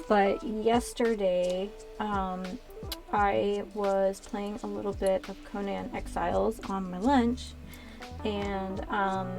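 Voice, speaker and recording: A woman's voice: mid-range voice, vocal fry, a little mellow. Chatty woman in her thirties rambling. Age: 30s. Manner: chatty, rambling with many asides. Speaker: streamer. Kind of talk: casual chat while building Lego. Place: small converted walk-in closet.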